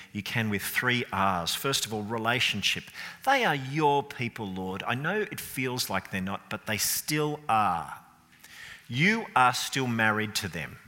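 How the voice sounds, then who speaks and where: A man preaching a sermon, expressive and building to emphatic peaks. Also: lowish voice. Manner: expressive, rising emphatic delivery. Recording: long reverb of a large hall.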